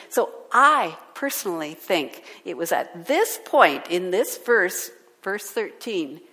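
A woman preaching a sermon, asking her listeners questions and turning animated as she goes. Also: mid-range voice. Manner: animated, asks the audience questions. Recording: long hall reverb.

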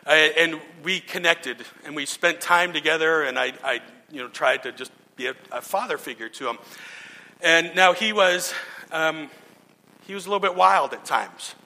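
A man's voice: a little high, normal speed, sharp tone. A male pastor preaching a sermon, telling stories earnestly with frequent restarts. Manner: earnest storytelling with repeated restarts. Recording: long hall reverb.

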